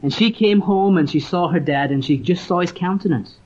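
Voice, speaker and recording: Preacher, muffled recording. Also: male voice, high voice, moderate pace, darkish tone. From Leeds, northern England. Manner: earnest storytelling, reads scripture aloud. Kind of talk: sermon. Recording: dull lo-fi recording.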